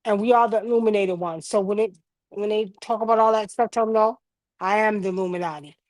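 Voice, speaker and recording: A woman's voice: mid-range voice, fairly even intonation, quick pace, darkish tone, no room sound. A woman in her fifties hosting a livestream, teaching spiritual ideas in a casual, earnest, preachy way and speaking straight to her viewers. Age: 50s. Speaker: livestream host.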